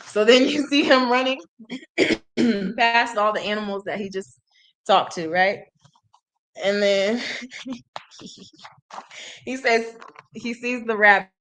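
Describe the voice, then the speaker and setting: A woman's voice: medium pitch, a bit bright. Chatty young woman streaming a reading lesson. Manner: chatty, laughs often, says "y'all". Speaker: language-learning streamer. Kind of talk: casual livestream reading lesson.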